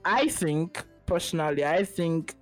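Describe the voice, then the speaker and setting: This podcast host joins over a remote call, speaking a little slowly in an animated, fairly high voice with soft background music behind him. The recording is rough, and he gives his opinions casually and laid-back, restarting often.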